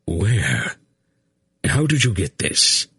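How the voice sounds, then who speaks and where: A man reading the part of an aged, gruff sorcerer who is a grandfather, speaking warily and proudly. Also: deep voice, moderate pace, sharp tone, dry recording, exaggerated voice. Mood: astonished. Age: older.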